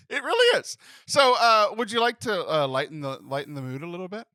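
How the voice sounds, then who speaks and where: A man in his thirties hosts a comedy podcast, spinning an exasperated story with lots of laughter. His voice sits high and lively, bright and forward. The sound is close and dry. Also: brisk, no room sound. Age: 30s. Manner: animated, laughing, acts out phone voices in exasperated bursts. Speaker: podcast host.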